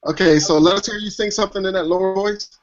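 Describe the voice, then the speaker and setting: A man's voice: high voice, quick pace. A man hosting a casual video call, asking questions in a rambling way with many ums. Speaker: host. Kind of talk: casual chat. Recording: dull lo-fi call audio.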